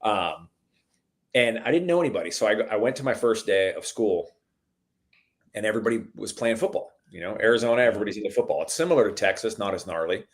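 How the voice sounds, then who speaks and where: A middle-aged man telling stories in a relaxed conversation, calling the listener "dude" a lot and getting animated at the exciting parts. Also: on the low side, fast. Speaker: podcast guest. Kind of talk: casual storytelling chat.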